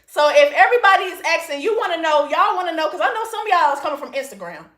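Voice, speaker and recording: A woman's voice: extremely high pitch, big pitch swings, fast talker, a bit bright. A woman hosting a casual livestream from her phone, reading comments and answering in a sassy manner, calling everyone honey. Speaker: livestream host.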